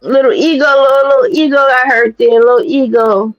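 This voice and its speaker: A fairly high-voiced woman from New York City, streaming casual commentary in a blunt, animated and profane way. Her voice comes across slightly dull and very dry, with faint music underneath. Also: fairly quick, dry recording. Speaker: streamer host.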